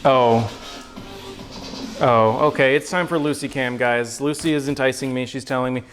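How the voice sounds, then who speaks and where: A man's voice: mid-range voice, fairly even intonation, normal speed, fairly bright tone, faint music behind, poor audio. A man hosting a cooking livestream from his home kitchen, chatting to viewers in an upbeat, slangy, self-deprecating way. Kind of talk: casual livestream chat while cooking.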